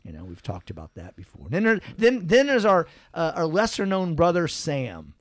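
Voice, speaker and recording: A man's voice: fairly high pitch, huge pitch swings, moderate pace, no echo, studio quality. A middle-aged man telling family stories in a casual chat. He rambles, corrects himself and laughs between anecdotes. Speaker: family member recalling childhood.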